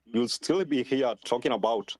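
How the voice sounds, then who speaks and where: Husky Kenyan man arguing as a caller. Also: normal speed. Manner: argumentative, insistent, pitch swings widely.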